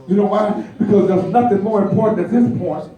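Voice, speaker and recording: High-voiced preacher in an echoey hall. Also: male voice, brisk, muffled recording. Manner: animated, laughing, acts out voices. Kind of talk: sermon. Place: church. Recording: echoey church hall, distant mic. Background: congregation responding.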